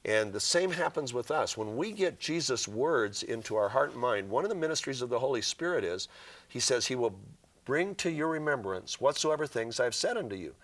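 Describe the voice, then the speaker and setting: A man's voice: mid-range voice, lively intonation, moderate pace, a bit bright. Earnest man telling a faith story. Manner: earnest, reads scripture passages aloud with feeling. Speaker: author and guest.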